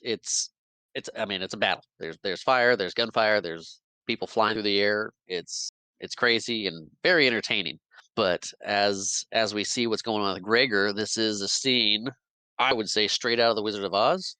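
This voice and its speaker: Man, podcast host, casual movie recap, lowish bright voice, dry close sound. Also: moderate pace, no room sound, rough recording. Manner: animated retelling, acting out quoted lines with laughs.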